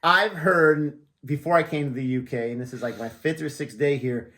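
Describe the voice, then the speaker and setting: Hanging out at a friend's house, this American reaction-channel host keeps things jokey and chatty, laughing a lot. He has a slightly high, sharp-toned voice and a moderate pace.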